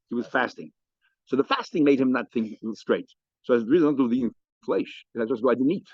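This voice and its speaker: Rabbi guy giving a talmud class, talks quick, dry muffled sound. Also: mid-range voice, dry recording. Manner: lively, animated, explains and asks questions. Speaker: rabbi teaching daf yomi.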